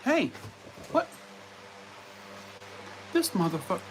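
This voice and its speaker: A man's voice: sits high, big pitch swings, takes it slowly, noisy background. A man on a casual live stream, rambling with lots of fillers and breaking off to talk to his dogs at home. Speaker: live streamer chatting with viewers.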